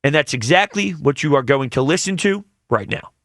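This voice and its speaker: A man's voice: fairly high pitch, lively intonation, a little fast, slight background noise. A man hosting a sports radio show, reacting with enthusiasm and taking calls. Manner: enthusiastic, reacts warmly to callers.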